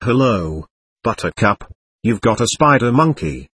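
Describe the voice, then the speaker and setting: Man reading as a chill easygoing guy, not bothered at all, bit husky. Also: lowish voice, very animated, a little slow, a bit bright, heavily acted. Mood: calm. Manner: unruffled, affectionate. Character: calm easygoing man carving wood.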